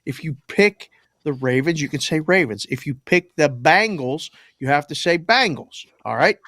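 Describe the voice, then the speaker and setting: A man hosting a sports podcast in a playful, teasing way, quick to joke at his co-hosts. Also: on the high side, expressive, bright, forceful tone, no echo, clean studio sound. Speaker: podcast host.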